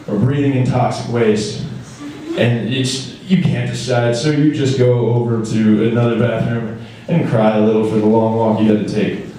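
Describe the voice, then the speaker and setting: A young man performing a stand-up comedy set, rambling and acting out characters in quick put-on voices. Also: mid-range voice, dark tone. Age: young adult. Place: comedy stage in a hall. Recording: echoey hall, mic far off.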